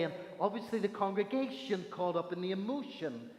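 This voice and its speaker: A man preaching a sermon, telling stories with emphatic pauses, from Northern Ireland. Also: sits high, lively intonation. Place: church sanctuary. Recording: echoey church hall reverb.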